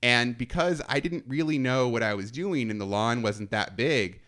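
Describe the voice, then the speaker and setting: A man's voice: medium pitch, normal speed, fairly bright tone. A man telling a self-mocking story from his college days in a casual chat, laughing often. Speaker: podcast storyteller.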